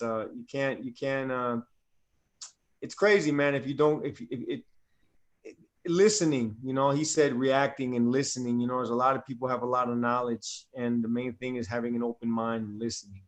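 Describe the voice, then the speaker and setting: A man from New Jersey with a New Jersey accent, an actor guest chatting casually and peppering his talk with "man" and "you know.". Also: medium pitch. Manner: easygoing, fills speech with "man" and "you know". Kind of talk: casual chat.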